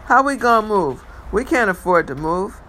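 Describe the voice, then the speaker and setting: A man's voice: high-pitched, big pitch swings, moderate pace, pushed and bright, full character voice, low-quality recording. A man doing a timid, questioning teenage girl. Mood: worried. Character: teenage girl, anxious friend.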